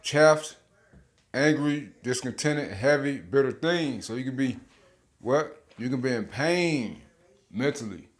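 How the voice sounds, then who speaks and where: Male bible teacher, informal video sermon, emphatic and slangy, average pitch. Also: animated, slow. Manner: emphatic, slangy, chuckling, repeats words.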